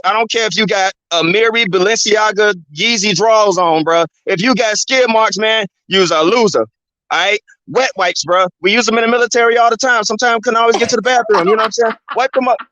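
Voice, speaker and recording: High, bright-voiced man ranting on a dull recording. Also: fairly quick, dry recording. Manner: rambling, profane, peppered with "man" and "you know what I'm saying". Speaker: channel host. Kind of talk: casual ranting monologue.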